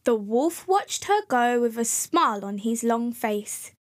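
A woman reading a children's fairy tale aloud as storyteller, gentle and clear. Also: fairly high pitch, expressive, measured pace.

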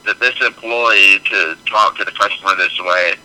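A man's voice: low-pitched, fairly even intonation, moderate pace, sharp tone, rough recording. A man co-hosting a podcast, giving blunt opinions in a hesitant way with many fillers. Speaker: podcast co-host. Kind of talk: casual chat.

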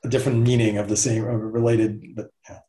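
A man's voice: on the low side, little pitch movement, quick pace, crowd noise. A man, a professor guest in a casual interview, explaining ideas thoughtfully and step by step. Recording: roomy echo.

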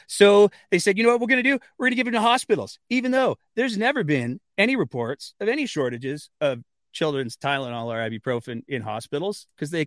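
A man hosting political commentary, sarcastic and animated, with mocking asides. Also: medium pitch, no echo, clean studio sound.

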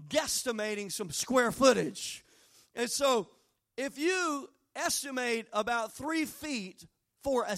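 High-voiced preacher building to shouts. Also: male voice. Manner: storytelling that builds to fervent shouting; folksy, humorous asides. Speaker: pastor. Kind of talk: sermon.

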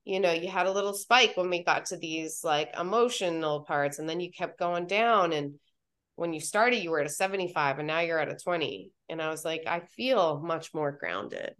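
A woman guest on a podcast, telling stories in a casual, animated way, acting out what she and others said and often saying "like". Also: sits low, normal speed. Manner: animated storytelling, acting out her own quotes, frequent "like". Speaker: podcast guest, reality show participant.

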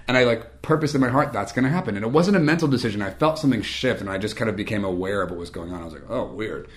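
A young adult man telling a casual, rambling anecdote, animated and self-mocking. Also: fairly low pitch, rapid-fire. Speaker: storyteller.

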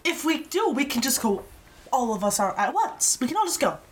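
A woman's voice: high voice, big pitch swings, fairly quick. A woman playing a tabletop game, chatting casually in a blunt, bossy way. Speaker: player.

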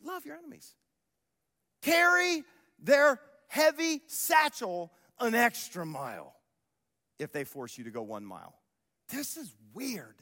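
Man, pastor, passionate sermon, loud to hushed swings, bright tense voice, long hall reverb. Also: very high voice, big pitch swings, slow.

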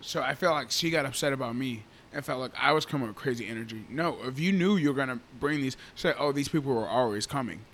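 A man in his twenties co-hosting a podcast, telling stories in a casual, animated way and often calling others "bro.". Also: medium pitch, quick pace, few pauses, a little hiss or hum. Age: 20s. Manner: animated storytelling, laughing, says "bro" often. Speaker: podcast co-host.

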